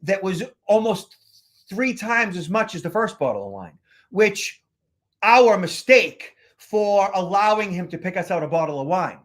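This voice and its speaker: A man with a high voice hosts a casual podcast chat, telling a travel story. His manner is chatty, and he often stumbles and repeats a word before going on. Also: very animated, measured pace. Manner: chatty, repeats words as he restarts. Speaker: podcast host. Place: lives in Boston.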